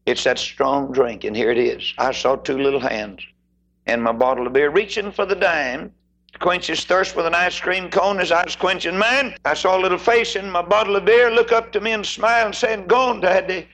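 A man preaching a sermon who moves emphatically between loud declarations and hushed asides. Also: high-pitched, moderate pace, slight background noise.

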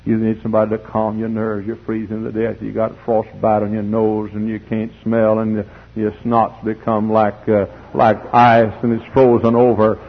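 A man preaching a fiery sermon in church, swinging from hushed pleading to shouting. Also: lowish voice, completely flat delivery, moderate pace, few pauses. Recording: dull lo-fi tape recording.

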